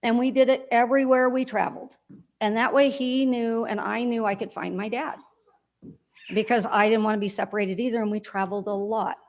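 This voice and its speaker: A woman's voice: fairly high pitch, steady tone, brisk. A woman giving a heartfelt, rambling eulogy for her father at a church memorial service.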